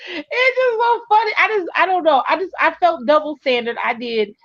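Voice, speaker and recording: A woman with a high voice chatting casually and telling an animated story, acting out the people in it. Her audio is dull and close with no room sound, like a remote call mic. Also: moderate pace, no room sound. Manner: animated storytelling with quoted dialogue. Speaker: co-host. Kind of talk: casual chat.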